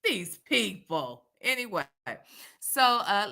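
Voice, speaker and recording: A woman hosts a casual livestream, talking straight to her chat in a sassy, chatty way. Her voice is very bright and sharp, and she swings widely in pitch while keeping an unhurried pace. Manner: lively with loud jumps in pitch. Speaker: YouTube commentary host.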